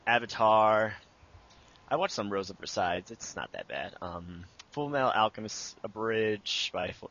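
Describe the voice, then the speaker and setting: Low bright-toned young man, rambling. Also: dull audio. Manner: casual, rambling, many fillers. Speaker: interviewee, abridged series creator. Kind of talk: casual interview answers.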